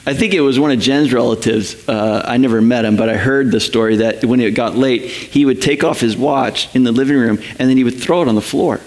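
This pastor's sermon moves briskly with few pauses, in a mid-range voice. His stories come alive as he performs the voices of the people he's quoting.

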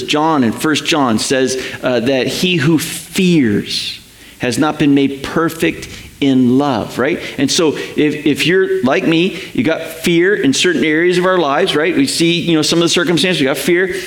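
A man preaching a sermon, animated, repeating words for emphasis and checking in with "right?". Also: a little high, moderate pace, reverberant, poor audio. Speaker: pastor.

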